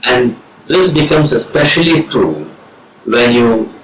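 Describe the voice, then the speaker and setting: A man with an Indian English accent, a professor of English giving a slow, measured lecture on reading poetry with deliberate pauses. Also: mid-range voice, big pitch swings, slight background noise. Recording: roomy with faint ambience.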